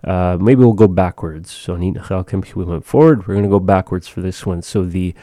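A man hosting a community radio show, teaching phrases of the day with slow, careful repetition. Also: low voice, mellow, no room sound, clean studio sound. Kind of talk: casual radio talk with language lesson. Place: radio studio.

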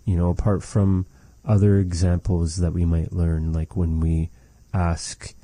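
A man's voice: low-pitched, little pitch movement, warm tone, dry recording. A man teaching phrases of a language in a patient, repetitive lesson. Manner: slow, patient, repeats phrases for practice.

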